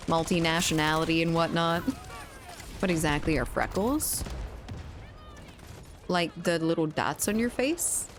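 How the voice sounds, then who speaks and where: Candid joking woman streamer, low-ish voice. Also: slight background noise. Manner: candid, joking, laughs often, answers chat. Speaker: game streamer. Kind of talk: casual stream chat while gaming.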